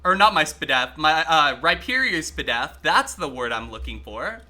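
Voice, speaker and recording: A man streaming a game live, chatting excitably with his viewers and swearing freely as he plays. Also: fairly high pitch, normal speed. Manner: talks to chat while playing. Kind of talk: casual live-stream gaming commentary.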